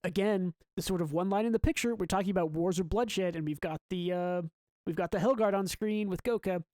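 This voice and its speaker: Podcast co-host, middle pitch, very dry close sound, super into it, keeps quoting lines from the book. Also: brisk, a little mellow, dry recording. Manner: enthusiastic, reads out manga dialogue between comments. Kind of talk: casual manga book-club discussion.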